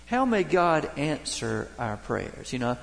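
A Baptist pastor preaching a sermon, telling folksy, humorous stories from daily life. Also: male voice, fairly high pitch, big pitch swings, slow, creaky. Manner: folksy storytelling, homespun humor. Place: church sanctuary. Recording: long reverb of a church hall.

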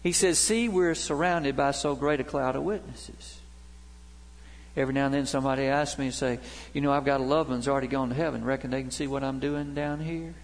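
A man's voice: medium pitch, fairly even intonation, fairly quick. A middle-aged male pastor preaching a sermon, telling stories as his voice rises and drops. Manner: storytelling preacher, voice rising and dropping. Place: church sanctuary. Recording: long reverb of a big hall.

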